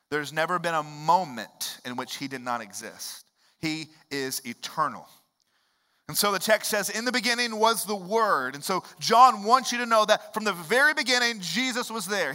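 A man, preaching a sermon in a conversational way that swings up into loud, emphatic rises. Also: a little high. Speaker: pastor.

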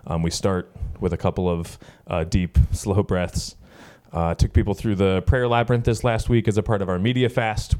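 A man in his thirties, a pastor preaching a sermon in a relaxed, storytelling way with many fillers. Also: sits low. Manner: conversational storytelling with frequent fillers. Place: church gathering.

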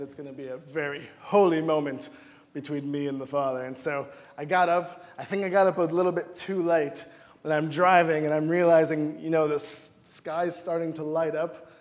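A young man from Wisconsin preaching a sermon, telling personal stories in an animated way and acting out his own quoted lines. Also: a little high, moderate pace. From Wisconsin, United States. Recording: long hall reverb.

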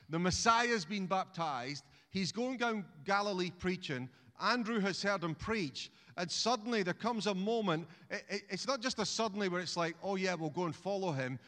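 A man's voice: high voice, sharp tone, in a large hall. A man preaching a sermon in a chatty, humorous way, often restarting phrases and calling on the congregation to repeat words. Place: church.

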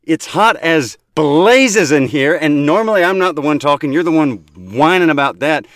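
Intern, blustery and aggrieved; higher pitch, tight dry sound. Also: male voice, lively intonation, normal speed, fairly bright tone, no room sound. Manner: indignant, blustery. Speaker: podcast intern. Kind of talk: comedic podcast bickering. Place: small hot broom closet.

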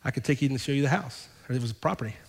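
A male pastor preaching a sermon, telling a personal story and acting out both sides of the conversations, then building to fervent, loud preaching. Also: mid-range voice, very fast, gravelly, husky, in a large hall.

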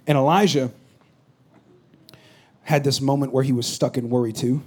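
A man preaching a sermon, going from loud comic storytelling to a hushed, serious tone. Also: medium pitch, fairly even intonation, normal speed, husky. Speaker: pastor.

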